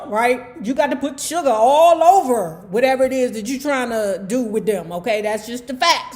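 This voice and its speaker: A woman's voice: fairly high pitch, lively intonation, moderate pace, hardly any pauses, darkish tone. A woman hosting a book club, retelling a memoir in a chatty, sassy way with asides to her viewers. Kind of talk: casual storytelling book commentary.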